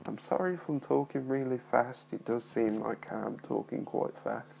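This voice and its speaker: A man's voice: medium pitch, normal speed, vocal fry, a little mellow, slight background noise, poor audio. A nervous young man vlogging to his phone, rambling and apologetic, with a mild speech impediment. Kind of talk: casual talking-to-camera vlog.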